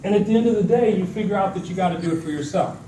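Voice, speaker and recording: Racing along in a high-pitched voice, a middle-aged motivational speaker acts out the people in his stories for a conference crowd. The talk happens in a large event hall, and the noisy recording echoes because the mic sits far away.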